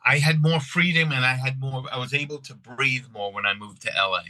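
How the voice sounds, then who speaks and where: A middle-aged man from Long Island, telling family stories in a casual, animated way, often restarting his sentences. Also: medium pitch, a little fast, dry recording, poor audio. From Long Island, New York. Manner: animated, restarts often, acts out quoted voices. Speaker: guest. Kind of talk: casual storytelling.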